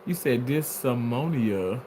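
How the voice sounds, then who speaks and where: A man with a mid-range voice and measured pace reads viewer comments on a casual livestream, responding in an animated, playful way and laughing frequently. Slight background noise can be heard.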